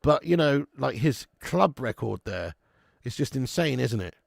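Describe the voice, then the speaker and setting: A man's voice: mid-range voice, big pitch swings, measured pace, gravelly, no echo, clean studio sound. A man hosting a live football watch-along, chatting casually and swearing freely. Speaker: host.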